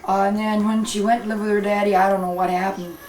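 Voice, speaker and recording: A woman's voice: mid-range voice, level tone, fast talker, darkish tone, echoey room, slight background noise, lightly acted, poor audio. An older actress playing a rambling, folksy homeless grandmother caring for a baby, hesitant and talkative.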